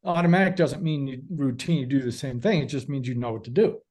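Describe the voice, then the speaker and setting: A man's voice: mid-range voice, fast talker, darkish tone. A man talking as a guest author on a podcast, explaining ideas patiently step by step. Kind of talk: casual podcast chat.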